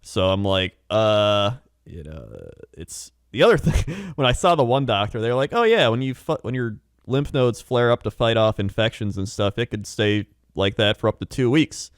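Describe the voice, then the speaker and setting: A man's voice: fairly low pitch, very animated, moderate pace, hardly any pauses, no room sound, clean studio sound. A young man co-hosting a podcast in casual chat, telling rambling stories with frequent laughs and acted-out quotes. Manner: rambling storyteller, laughs often, acts out quotes. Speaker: podcast co-host.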